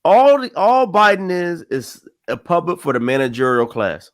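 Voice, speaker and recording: A man's voice: fairly high pitch, sing-song, moderate pace. A man talking politics in a casual chat, stressing points by repeating them. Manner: emphatic, repeats phrases for stress.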